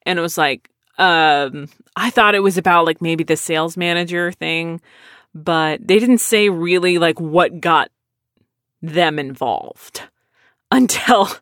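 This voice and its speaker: A woman casually telling a story in a blunt, sardonic, animated way. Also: lowish voice, takes it slowly, no echo, studio quality.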